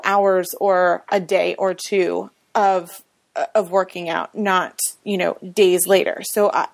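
A woman co-hosting a podcast in casual chat, explaining things at length with frequent ums. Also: fairly low pitch. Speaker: podcast co-host.

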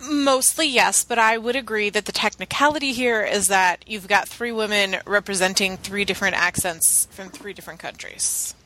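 A woman's voice: medium pitch, moderate pace, hardly any pauses, pushed and bright, poor audio. A woman co-hosting a podcast, upbeat and laughing along in casual chat. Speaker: podcast co-host.

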